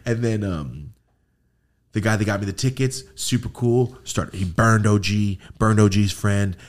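A podcast host with a fairly low voice tells a story at an unhurried pace in a casual chat, swearing heavily and acting out quotes.

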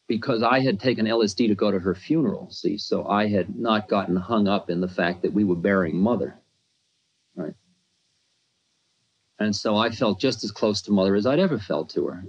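A man telling a personal story in a conversational, self-mocking way, with many asides. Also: fairly low pitch. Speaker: spiritual teacher. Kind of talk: storytelling talk. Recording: dull lo-fi archive recording.

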